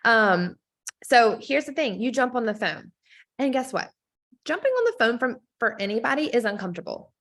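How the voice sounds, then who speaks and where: A woman's voice: very animated, a bit bright. Casual woman team coach, upbeat, direct, checks in often, acts out scripts. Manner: upbeat, direct, peppered with "okay?" and "right?" checks; acts out sample scripts with quick pitch swings. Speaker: network marketing team trainer.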